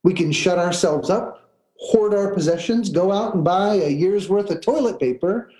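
A pastor delivers his sermon in a fairly high yet mellow voice. He tells a personal story in an earnest, searching way, often doubling back on his words. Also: normal speed, poor audio. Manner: storytelling, earnest with repeated restarts.

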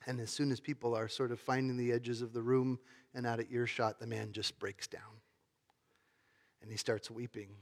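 A male pastor giving a sermon in a conversational storytelling manner, swinging between loud emphasis and hushed, quiet tones. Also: medium pitch, flat delivery, normal speed, big-room sound.

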